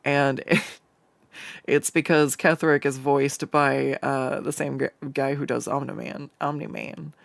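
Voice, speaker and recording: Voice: medium pitch, flat delivery, measured pace, vocal fry, no room sound. A livestreaming artist chatting casually while drawing, rambling with profanity and stumbling restarts, on a desk microphone at a home setup.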